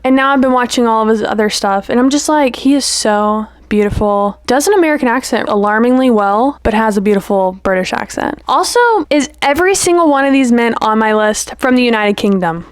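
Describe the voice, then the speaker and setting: A young woman talks straight to camera in a loose, chatty vlog, gushing and playful with a steady stream of "like" and "you know". Her voice sits a little high, and the recording is close and dry, with no room sound. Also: brisk, few pauses, smooth, no echo. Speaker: vlogger. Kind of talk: casual chat to camera.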